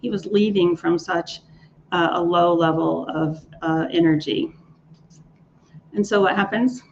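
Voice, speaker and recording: Low gravelly woman telling coaching stories. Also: steady tone, measured pace. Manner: enthusiastic, repeats and restarts words. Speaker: leadership coach. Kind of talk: speaker interview storytelling. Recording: dull lo-fi sound with faint noise.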